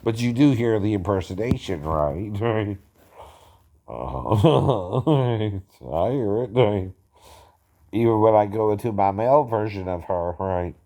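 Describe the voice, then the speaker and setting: A man's voice: lowish voice, warm tone. A man chatting casually about his singing impressions, tagging nearly every phrase with a questioning "right?" and chuckling often in a slightly self-conscious way. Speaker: amateur impersonator explaining singing impressions. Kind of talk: casual talking-head chat.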